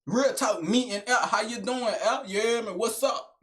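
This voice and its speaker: A young man doing a high-energy comedic rant to camera, slangy and swaggering, swinging between shouting and low mutters. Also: measured pace. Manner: slangy, keeps tagging lines with son and big brother. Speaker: comedic vlogger.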